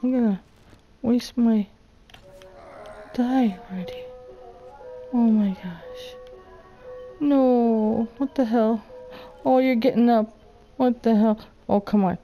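A woman's voice: a little high, takes it slowly, long pauses, lo-fi sound, faint music behind. A woman hosting a gaming channel, muttering to herself through a survival game with jittery, frightened chatter and sudden panicked yelps. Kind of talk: solo let's play commentary.

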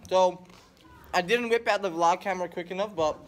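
A man's voice: high voice, brisk. A young man vlogging on a phone camera around his school, joking and rambling with plenty of swearing. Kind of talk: casual school vlog. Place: school library and classrooms. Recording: noisy classroom chatter behind. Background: classmates chatting.

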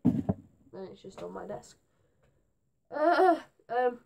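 A teenage girl, rambling to camera in her bedroom; her voice is going hoarse, and she is scatterbrained and jumpy. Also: fairly high pitch, big pitch swings, drawn-out words, pauses often, a little mellow. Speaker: gaming vlogger. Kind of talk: rambling casual vlog to camera.

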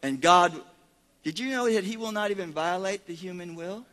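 High, bright-voiced pastor preaching. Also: male voice, normal speed. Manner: shouts praise, then drops to quiet prayer; leads the congregation in call-and-response. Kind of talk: sermon.

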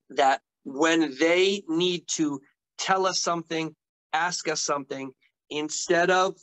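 A middle-aged man, an occupational therapist and guest, telling stories in an animated, enthusiastic conversational way. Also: on the high side, low-quality recording. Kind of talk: conversational interview storytelling.

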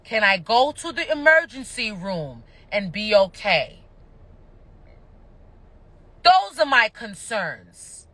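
A woman's voice: mid-range voice, very animated, slow pace, pauses often, sharp tone, dry recording. Fired-up woman ranting on a livestream. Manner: passionate, annoyed, cursing. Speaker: reality TV personality going live. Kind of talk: livestream rant.

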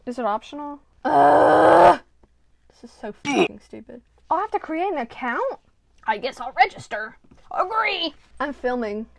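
A woman's voice: high-pitched, big pitch swings, normal speed, vocal fry. A woman vlogging casually from her bedroom as she works on a craft project. She mutters to herself, runs herself down and swears freely. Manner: self-deprecating, swearing, muttering to herself while working.

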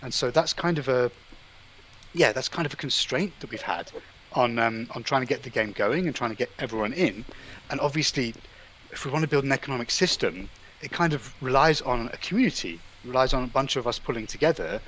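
A man speaks at an everyday middle pitch, giving an informal talk to a small group. He thinks aloud, stopping and restarting his sentences and filling the gaps with hesitation sounds. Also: lively intonation, a bit bright, slight background noise, rough recording. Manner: halting, thinking aloud with many filler sounds. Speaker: invited presenter at an online art event.

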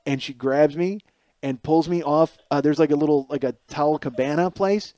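A man in his forties, hosting a podcast, telling a comic story in a rambling, animated way with many restarts and acted-out quotes. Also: on the high side, normal speed, no room sound. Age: 40s. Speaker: podcast host. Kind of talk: comedic storytelling monologue. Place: home kitchen.

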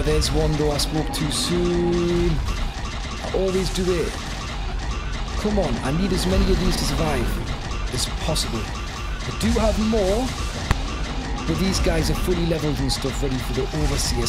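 A young man giving excitable, panicky live commentary on his gameplay and shouting orders to his creatures. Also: on the high side. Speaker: gaming YouTuber. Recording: loud game music behind the voice.

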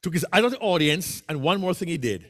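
Lively Jamaican-accented speaking coach. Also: male voice, on the high side, fast. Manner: animated, coaxing answers from the audience. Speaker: workshop presenter. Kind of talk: interactive speaking lesson. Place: meeting room with a hybrid online audience.

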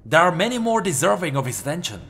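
A weary, wounded immortal warrior, speaking in a grave, solemn tone, as a man puts him on. The voice still moves with lively rises and falls in a fantasy story reading. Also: a little high, fast, soft background music.

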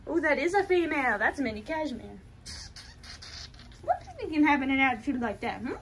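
A woman, chatting to puppies in a gushing baby-talk voice that jumps high into squeals. Her pitch is high and swings widely. Puppy noise fills the background. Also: big pitch swings, fairly quick. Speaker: dog breeder vlogger. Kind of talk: casual chat with puppies. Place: puppy pen with dogs.

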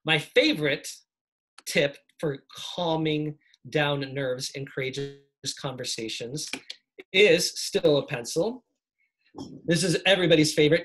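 A man with a slightly high voice gives a lively, casual workshop on speaking with confidence. He demonstrates small tricks as he goes and keeps an energetic, friendly teaching tone. He sounds like he is talking over a video call. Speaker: speaking coach.

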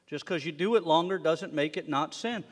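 Guy preaching, high voice, goes loud then hushed, long echo off the sanctuary walls. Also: moderate pace. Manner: animated, swinging from loud emphatic to hushed. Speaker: congregation leader preaching. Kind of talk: sermon. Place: synagogue sanctuary. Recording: long reverb of a worship hall.

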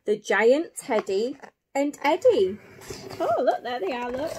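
A woman's voice: high-pitched, big pitch swings, slow, darkish tone, slight background noise. A woman teacher reading a picture book aloud to young children, gasping and exclaiming as she goes. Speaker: primary school teacher.

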